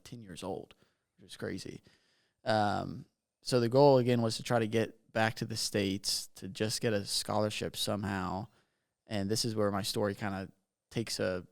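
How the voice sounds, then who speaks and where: A man's voice: fairly low pitch, creaky. A young man from Bermuda telling his story as a podcast guest, talking casually and rambling with lots of "like". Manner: rambling, filler-heavy with frequent "like".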